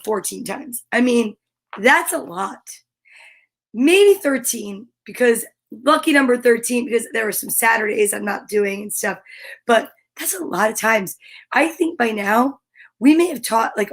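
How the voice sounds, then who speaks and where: A high-pitched woman hosting a casual livestream. She sounds bubbly and eager, chatting with her audience and reading out their greetings. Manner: bubbly and excitable, reads out viewer comments. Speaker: livestream story time host.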